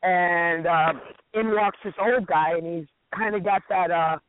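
A high-voiced radio co-host tells stories in casual chat at a measured pace, excitable and profane, acting out what others said. There's no room sound, but the audio comes through tinny, as if from a phone-like radio.

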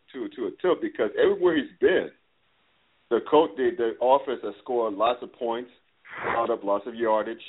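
Casual male host, phone-quality audio, loose and excitable, lots of filler. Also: mid-range voice. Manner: chatty, laughs and says "dude", stumbles on words. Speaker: podcast host. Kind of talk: casual podcast chat. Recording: phone-like line.

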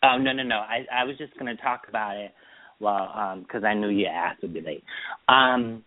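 A man's voice: fairly low pitch, normal speed, no room sound. Chatty guy cohost telling weekend stories, phone-line sound, super dry. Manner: chatty storyteller, quotes people in put-on voices. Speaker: podcast co-host. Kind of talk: casual chat. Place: Boston.

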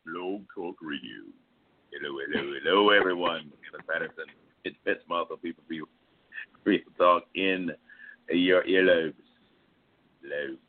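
A goofy man co-hosts a casual radio talk show and jokes around between segments. His voice sits very low. It comes through a thin, phone-like line. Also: fairly even intonation, normal speed. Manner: playful, goofy. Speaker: co-host.

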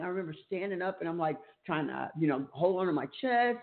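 A woman's voice: lowish voice, fast, hardly any pauses. A woman hosting a Christian talk show, telling a personal story earnestly and emotionally. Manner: earnest, emotional storytelling, animated when reliving events. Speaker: host. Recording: tinny phone-like sound.

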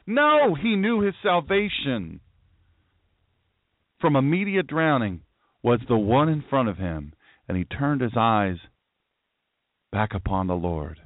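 A man preaching with a high, lively voice that swoops up and down as he acts out each person in the story. The sound is thin and phone-like, with no room echo at all. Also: measured pace. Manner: dramatic, acting out voices of the people in the story. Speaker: pastor. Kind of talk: sermon.

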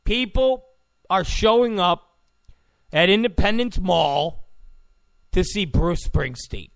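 Male commentator, sarcastic ranter, high gravelly voice, unhurried delivery. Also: expressive, no echo, clean studio sound. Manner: sarcastic, mocking, blunt. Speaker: political commentator. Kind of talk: ranting political commentary.

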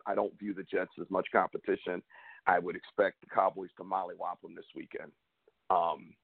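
A man co-hosting a casual sports talk show, animated and emphatic. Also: on the low side, vocal fry, no echo. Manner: animated, emphatic, rising to loud peaks. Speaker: podcast co-host. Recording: tinny phone-line sound, dry.

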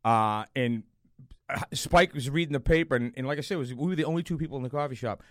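A middle-aged man, a guest actor chatting in a podcast interview, telling animated stories with frequent restarts and fillers. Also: medium pitch, quick pace, no room sound, studio quality. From Boston area.

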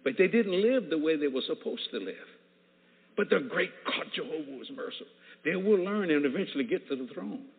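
A man's voice: fairly high pitch, a little fast. A man preaching and telling a personal testimony, acting out the voices of the people in it. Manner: animated storyteller who acts out dialogue. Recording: tinny phone-like sound in an echoey hall.

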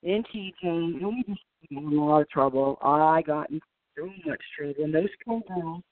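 A woman guest telling animated stories in a casual interview, laughing and acting out the people she quotes. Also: low-pitched, normal speed, no room sound. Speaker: guest, former wrestler. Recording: tinny phone line, dry.

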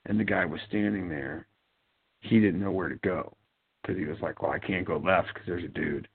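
A man's voice: low voice, creaky, slightly rough. A man hosting a show, talking in a rambling, sardonic monologue with mumbled asides. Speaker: podcast host. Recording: tinny phone-like line, dry.

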